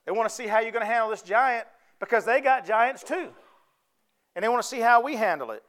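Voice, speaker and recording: Man, preacher, high clear voice, folksy sermon with call-and-response. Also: animated, brisk, fairly bright tone.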